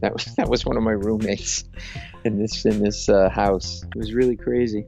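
A man, a comedian, telling an animated anecdote in conversation, acting out the people he quotes and laughing as he goes. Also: fairly low pitch, moderate pace, gravelly, faint music behind. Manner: acts out quoted voices, laughs mid-story. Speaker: stand-up comedian guest.

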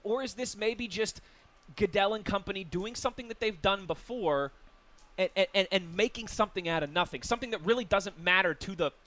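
A man hosting sports radio, chatty and self-deprecating, setting up questions with quick asides. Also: high voice, a bit bright. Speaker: radio host. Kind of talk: casual sports radio chat.

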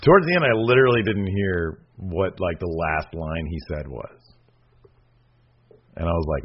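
A man co-hosting a podcast in casual chat, rambling and animated, with many fillers and restarts. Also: low-pitched, moderate pace. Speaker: podcast co-host. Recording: slightly muffled lo-fi audio.

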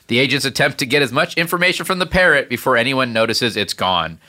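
Bright-voiced male podcast host. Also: mid-range voice, lively intonation, fast talker. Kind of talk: reading listener emails and scene premises.

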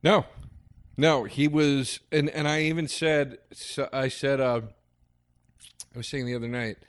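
A man's voice: medium pitch, fairly even intonation, a little slow, dry recording. Man, podcast co-host, rambling, stammering restarts, dry close-miked sound. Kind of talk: casual movie review chat.

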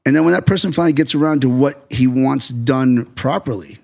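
Brief: middle-aged American man, gravelly voice, lively storyteller who acts out other people's lines. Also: mid-range voice, fairly quick. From United States. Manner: animated storyteller, acts out quotes. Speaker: guest, stuntman turned director. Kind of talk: casual podcast conversation.

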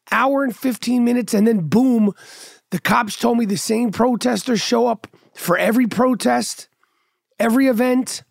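A man's voice: extremely high pitch, creaky, dry recording. Middle-aged male podcast host, loose profane monologue with a sardonic edge, dry close sound. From New York. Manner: profane, sardonic rambling with restarts. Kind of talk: casual monologue.

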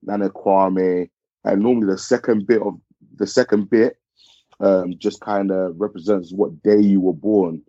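A man from Ghana, a podcast guest, talking in a relaxed, hesitant way with many fillers. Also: low-pitched, a little slow, dry recording, dull audio. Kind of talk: casual podcast chat.

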